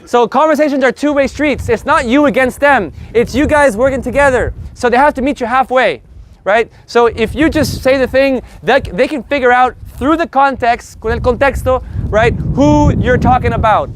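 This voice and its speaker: A man teaching a live group Spanish lesson in an energetic, joking, profane way. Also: very high-pitched, moderate pace, a little hiss or hum.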